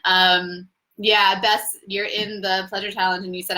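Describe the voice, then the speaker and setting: A woman's voice: mid-range voice, flat delivery, unhurried, pushed and bright, rough recording. A young adult woman hosting a live Q&A as a coach, talking in an effusive, spiritual way and laughing easily. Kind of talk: casual live-stream talk.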